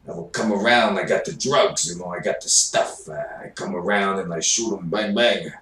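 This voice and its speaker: Man doing a cocky New York gangster guy, louder and a bit higher, echoey far-off mic. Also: moderate pace. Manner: cocky, boastful. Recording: roomy, distant mic, faint noise.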